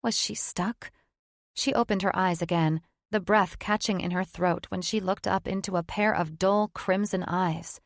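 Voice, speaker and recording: A woman reading a fantasy audiobook in scripted narration, measured and even. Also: fairly low pitch, gravelly, no room sound, clean studio sound.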